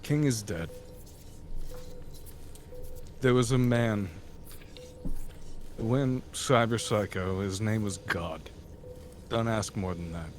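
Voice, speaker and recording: Man doing a hushed, stern character. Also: a little high, very animated, moderate pace, a little hiss or hum. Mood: grim.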